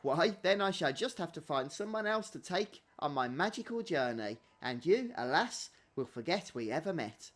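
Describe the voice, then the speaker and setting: A fanciful, gentlemanly male rabbit who guides dreamers on magical journeys, as a man puts him on. He speaks in a lilting, overly polite, theatrical way, his voice sitting a touch high. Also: sing-song, moderate pace, hardly any pauses. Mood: wistful.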